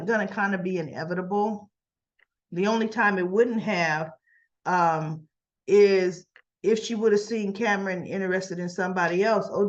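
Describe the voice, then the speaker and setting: A woman talks through a soap opera episode in a loose, chatty way, jumping up in pitch to act out the characters' lines. The audio is a little dull and lo-fi. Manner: animated, acts out characters' lines in raised voice. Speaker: soap opera recap host. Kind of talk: casual recap chat.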